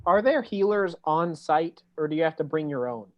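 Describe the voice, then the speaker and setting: A playful, excitable player in a tabletop game, talking casually about what their character does. The sound is a little dull and lo-fi. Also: medium pitch, moderate pace.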